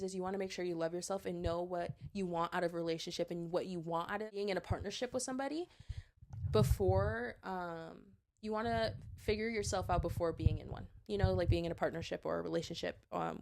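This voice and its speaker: A woman in her twenties hosting a solo podcast, chatting earnestly and handing out advice with lots of likes and restarts. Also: fairly low pitch. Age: 20s. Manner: urging, advice-giving. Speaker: podcast host. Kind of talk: casual solo podcast talk.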